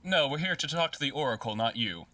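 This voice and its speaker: A man playing a tabletop game, speaking quickly and directly in character. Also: medium pitch, animated, sharp tone, far from the mic, slight background noise. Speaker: player.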